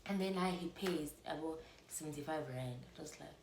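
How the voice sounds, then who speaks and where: A woman's voice: low-pitched, normal speed, gravelly. Chatty young South African woman, echoey room. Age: early 20s. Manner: chatty, animated, many "like" fillers. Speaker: vlogger. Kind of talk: casual storytime. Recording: echoey room, faint background noise.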